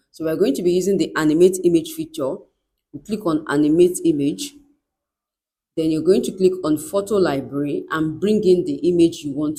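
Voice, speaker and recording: A woman's voice: low-pitched, warm tone. A woman giving a step-by-step screen tutorial in an instructive way, often checking in with "right?". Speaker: tutorial presenter.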